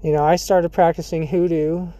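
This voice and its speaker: A podcast host talking alone in a casual monologue, laughing often between thoughts and pausing with fillers and throat clearing. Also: medium pitch, little pitch movement, warm tone.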